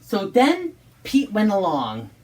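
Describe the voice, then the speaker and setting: A woman's voice: mid-range voice, wildly swooping pitch, slow, darkish tone. A woman narrating a homemade cartoon story in simple run-on sentences.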